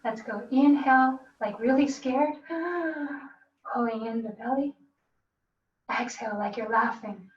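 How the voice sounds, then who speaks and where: A woman tai chi instructor leading an online breathing lesson in a calm, coaching way, with demonstration gasps and laughs. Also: on the high side, moderate pace. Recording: roomy, distant, dull, faint hiss.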